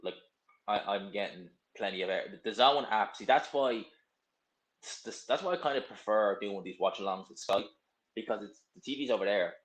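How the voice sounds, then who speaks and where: A man's voice: lowish voice, moderate pace. Blunt, rambling young man in a roomy space. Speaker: livestream host. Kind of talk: casual live stream chat, reading viewer comments.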